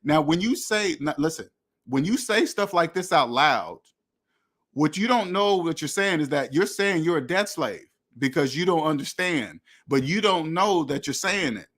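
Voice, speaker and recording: A man's voice: a little high, lively intonation, normal speed, fairly bright tone. A man hosting a money channel, talking bluntly and repetitively straight to his viewers with many restarts. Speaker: finance channel host. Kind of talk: direct-to-camera rant.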